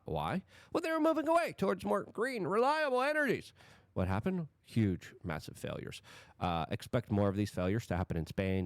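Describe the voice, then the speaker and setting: A man's voice: on the low side, dry recording. A man giving heated political commentary, sarcastic and stumbling through restarts. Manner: sarcastic, animated, repetitive restarts.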